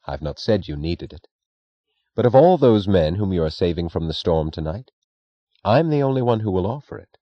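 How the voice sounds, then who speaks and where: Man reading calm composed young male aristocrat, low deep voice, dry muffled audiobook sound. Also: moderate pace, dry recording. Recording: dry, dull lo-fi recording.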